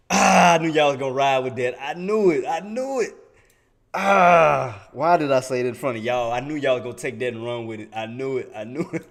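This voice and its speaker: Male streamer, trading-show host; casual slangy chat with viewers, laughs a lot, mid-pitched voice. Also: normal speed. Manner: laughing often, talking straight to chat in slang. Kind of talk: casual live-stream commentary.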